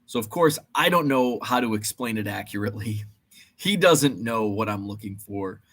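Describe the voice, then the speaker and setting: A man's voice: on the low side, lively intonation, moderate pace, a bit bright. A man in a casual vlog, retelling his errands in a rambling, exasperated way with lots of fillers. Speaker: eBay reseller and channel host.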